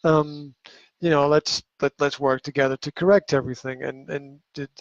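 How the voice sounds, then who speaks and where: A man's voice: on the high side, steady tone, normal speed, no room sound. A man hosting a casual live podcast conversation, talking emphatically with frequent restarts and the odd swear word. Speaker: podcast host. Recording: dull lo-fi livestream audio.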